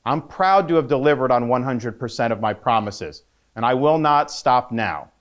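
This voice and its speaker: A male politician giving a formal, measured campaign statement from a script. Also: mid-range voice, expressive.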